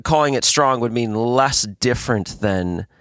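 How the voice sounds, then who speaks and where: Deep-ish guy, animated and excited, dry room. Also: measured pace, clean tone, no room sound. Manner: enthusiastic, expressive. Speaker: co-host songwriter. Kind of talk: casual chat.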